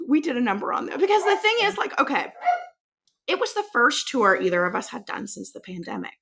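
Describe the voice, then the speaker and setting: A woman's voice: a little high, big pitch swings, a little fast, creaky, sharp tone, slight background noise. A woman tour manager, likely in her thirties, telling a story in casual chat, swearing freely and laughing mid-sentence.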